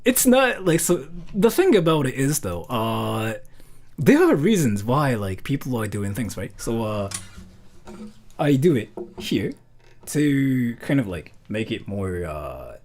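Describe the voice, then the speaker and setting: During a relaxed livestream, a man responds to donations, speaking quickly with a lively pitch. Fillers such as "uh" and "like" pepper his talk, and frequent laughter breaks through.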